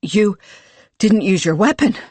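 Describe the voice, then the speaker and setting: A narrator voicing a wary exiled female warrior who talks back in a sharp, challenging way in an audiobook. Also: medium pitch, animated, a little slow, slightly rough, dry recording, voice pushed up. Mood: wary, defiant.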